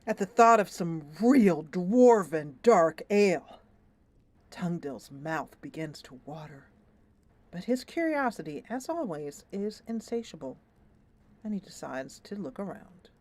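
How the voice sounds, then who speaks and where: A woman's voice: lowish voice, big pitch swings, a little slow, a little mellow. A woman streamer narrating a story-driven fantasy video game aloud, thoughtful and musing.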